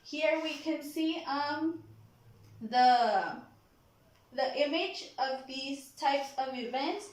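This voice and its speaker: Woman teacher, high voice, slow and careful, drills pronunciation, keeps saying okay?. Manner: slow, deliberate modeling of pronunciation, frequent "okay?" checks. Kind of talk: classroom vocabulary lesson. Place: classroom. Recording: very echoey classroom.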